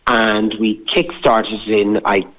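Husky-voiced man, earnest and reflective. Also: lowish voice, level tone, takes it slowly, a bit bright, low-quality recording. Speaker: film director guest. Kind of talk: radio interview.

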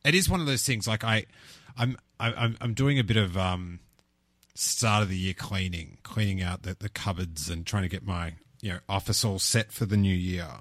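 A man hosting a podcast, chatting casually and halting often with restarts and fillers. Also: low-pitched, a bit bright, no room sound. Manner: halting, restarts a lot, laughs easily. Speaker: podcast host. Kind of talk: casual chat.

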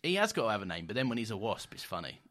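Animated, bright-voiced man. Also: lowish voice, racing. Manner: joking, self-deprecating, swears casually. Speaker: podcast co-host. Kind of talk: casual chat.

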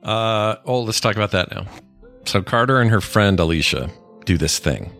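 A middle-aged father with a very deep, low voice, chatting loosely on a podcast. He teases and jokes, and faint music sits behind him. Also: lively intonation, moderate pace, fairly bright tone. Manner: joking, rambling, teasing. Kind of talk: casual chat.

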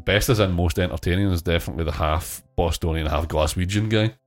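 A man's voice: deep voice, quick pace, soft background music. A Scottish man hosting a podcast, enthusiastic and full of ayes and praise. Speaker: podcast host. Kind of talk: casual podcast chat.

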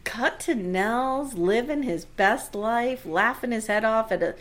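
Lively, higher-voiced woman recapping. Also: takes it slowly. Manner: animated storyteller who laughs often and acts out lines. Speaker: podcast co-host recapping a TV episode. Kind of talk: casual chat.

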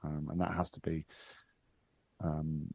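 A man co-hosting a casual chat podcast, giving his views in a brisk, plain-spoken way. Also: very deep voice, level tone, gravelly, darkish tone, breathy edge, no echo. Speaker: podcast co-host. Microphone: video call.

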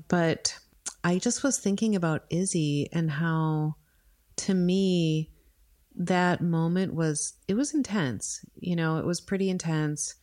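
A woman's voice: lowish voice, a little slow, mellow. Rambling woman telling a story at home. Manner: rambling, uses lots of "like". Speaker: podcast co-host. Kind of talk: casual storytelling.

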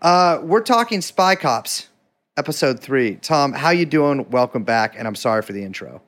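Give me a joking male podcast host with a lively, swinging voice. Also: medium pitch, moderate pace. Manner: joking, animated banter. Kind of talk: casual chat.

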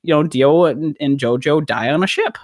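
A man's voice: a little high, normal speed. A man hosting a podcast, giggly and defensive as he explains his story in casual chat. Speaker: podcast host telling a story.

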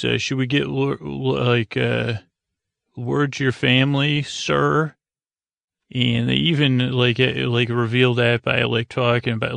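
A man rambling through a casual episode recap, halting often with "uh" and restarts as he loosely quotes characters. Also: mid-range voice, creaky, fairly bright tone, dry recording. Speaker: podcast host recapping a TV episode.

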